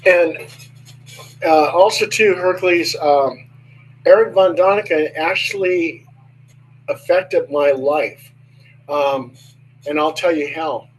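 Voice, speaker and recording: An older man, a guest, slowly recounting a personal story in a hesitant way with many pauses. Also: on the high side, rough recording. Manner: slow, hesitant with many ums. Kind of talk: storytelling in casual conversation.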